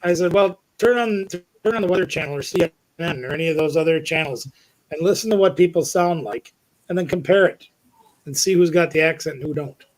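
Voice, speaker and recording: A man's voice: a little high, brisk, poor audio. A man, co-hosting a casual live stream and teasing viewers in chat. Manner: chatty, teasing, laughs often.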